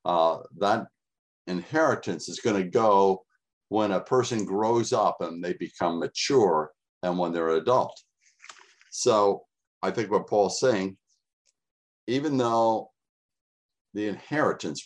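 A middle-aged man with a low voice preaches a sermon, reading scripture aloud. He repeats key words with rising emphasis.

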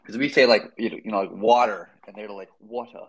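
A husky American man talking casually as a guest on a live audio chat. His voice sits fairly low, and he rambles with a lot of "like," laughing at his own jokes and poking fun at himself. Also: fast talker, a bit bright, rough recording. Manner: rambling, laughing, self-deprecating.

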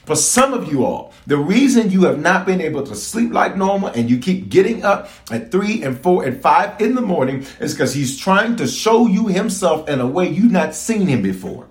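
A man's voice: high-pitched, very animated, moderate pace, hardly any pauses. A man preaching as a bishop at a prayer service, emphatic and repetitive, calling out to his congregation. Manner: emphatic, repeats phrases, calls to congregation. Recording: echoey room.

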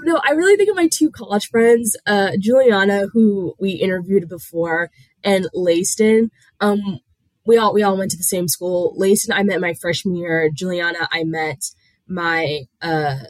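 A woman's voice: mid-range voice, measured pace, no room sound. Young woman in a dry close recording. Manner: hesitant, thinking aloud. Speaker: podcast co-host. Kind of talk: casual chat.

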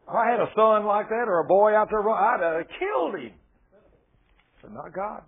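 A man's voice: sits high, very animated, normal speed. A man preaching a sermon in a fervent, folksy way, acting out the people in his stories. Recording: tinny phone-like sermon recording.

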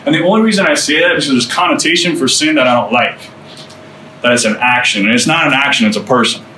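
A man's voice: medium pitch, fast talker, bright, forceful tone. A man preaches to a small group in an earnest, conversational tone, dropping casual asides as he goes. He sounds a little far from the mic. The room echoes, and a faint ambient noise hums underneath. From United States. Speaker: speaker sharing testimony.

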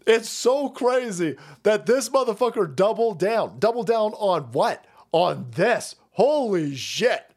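A man's voice: high voice, sing-song, slow pace, darkish tone. A man hosting a live stream, giving heated, profane and mocking commentary with frequent laughs. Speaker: streamer host.

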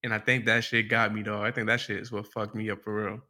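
A man's voice: lowish voice, little pitch movement, fast, sharp tone. A man co-hosting a podcast, telling a story in laid-back casual chat, full of slang and swearing. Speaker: podcast co-host.

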